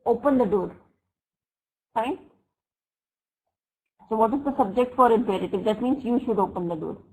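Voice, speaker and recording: A woman teaching an online English grammar class. She reads example sentences slowly and checks often with "right?" and "fine?". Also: a little high, a little mellow, low-quality recording. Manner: slow, deliberate example sentences. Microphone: computer mic for a web class.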